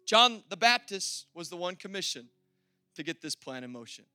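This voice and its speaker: A man preaching a sermon in an energetic, conversational way, laughing and repeating himself as he talks to the congregation. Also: high voice, moderate pace, dry recording. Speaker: pastor.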